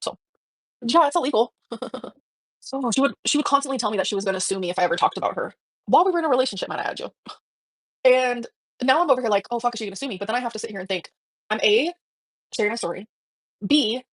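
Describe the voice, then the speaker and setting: A young woman live streaming, talking fast and emotionally, swearing, with lots of fillers and restarts. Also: a little high, expressive, no echo.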